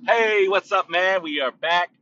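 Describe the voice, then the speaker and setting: A man's voice: high-pitched, measured pace, sharp tone, dull audio. A man hosting his own podcast, talking casually in a rambling, profane way with many restarts. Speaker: podcast host. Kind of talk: casual solo podcast talk.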